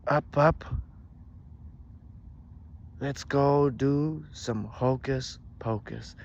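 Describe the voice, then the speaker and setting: A man's voice: mid-range voice, creaky, dull audio, voice pushed up, exaggerated voice. A man putting on a gloating cruel witch. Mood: triumphant. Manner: loud, drawn-out triumphant taunting. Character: gloating cackling witch woman who turns cruel. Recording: noisy background.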